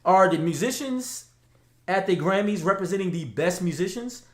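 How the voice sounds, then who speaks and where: A man co-hosting a casual talk show, animated and slangy, laughing often. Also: sits high, moderate pace, reverberant. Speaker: podcast co-host. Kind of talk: casual chat.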